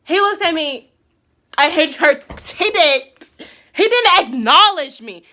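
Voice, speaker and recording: Bright, high-voiced young woman telling a story. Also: slow pace. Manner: chatty, filler-heavy storytelling, slangy and animated. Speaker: vlogger. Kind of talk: casual storytime.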